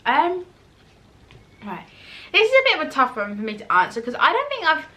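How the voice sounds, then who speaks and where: A chatty woman in her twenties answers viewer questions in a relaxed vlog. Her voice is bright and forward, and she rambles with fillers, restarts and self-corrections. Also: high-pitched, normal speed. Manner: eating while talking at times. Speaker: YouTuber. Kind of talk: casual Q&A chat to camera.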